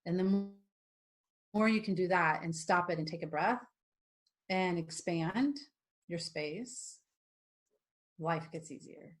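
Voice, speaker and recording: Lower-voiced woman podcast co-host. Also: slow pace, pauses often. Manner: relaxed, affirming, laughs along. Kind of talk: casual chat.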